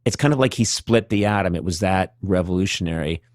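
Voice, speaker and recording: A man's voice: low voice, brisk, no room sound, clean studio sound. A man, a talk show host, telling an anecdote and acting out the voices of the people in it. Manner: lively, acts out voices while telling anecdotes. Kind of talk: casual anecdote.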